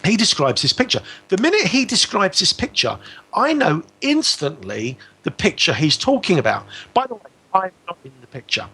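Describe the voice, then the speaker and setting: A man's voice: high-pitched, wildly swooping pitch, normal speed, bright, forceful tone, breathy edge. A man telling a personal story as a guest on a radio talk show, acting out both sides of the exchange.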